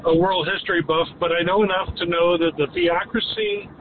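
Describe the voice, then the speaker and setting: A man's voice: sits high, very animated, brisk, noisy background. A man calling in to a radio show, hesitant and searching for words, on a phone line. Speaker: caller. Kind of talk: phoning in to talk radio. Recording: tinny phone line from a vehicle.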